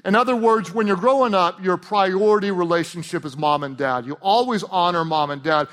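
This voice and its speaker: High-voiced animated male pastor preaching. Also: brisk. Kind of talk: sermon.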